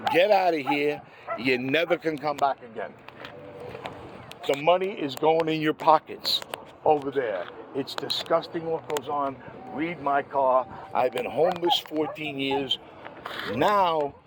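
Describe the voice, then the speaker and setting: An older man, ranting angrily in a monologue and clearing his throat often. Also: fairly high pitch, poor audio. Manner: angry, rambling, repeats "what happens is this". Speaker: vlogger. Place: outdoors by a street. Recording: outdoor street noise.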